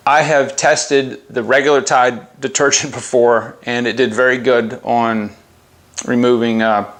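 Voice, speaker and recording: A man of middle pitch hosts a relaxed review video, talking to his viewers like friends. He keeps slipping into laughter mid-sentence and can't quite hold a straight face. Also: normal speed. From United States. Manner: giggly, keeps breaking into laughter; chatty and informal, addresses viewers as guys. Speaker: car care product reviewer. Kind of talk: casual product review vlog. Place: outdoors by a house and driveway.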